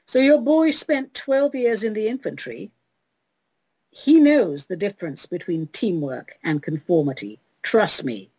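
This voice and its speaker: A woman radio host with a husky, breathy voice that swoops through a wide pitch range. She reads and answers listener letters in a theatrical, playful way. The sound is close and dry. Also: sing-song, unhurried, mellow, no echo, poor audio. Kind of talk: advice segment on an internet radio talk show.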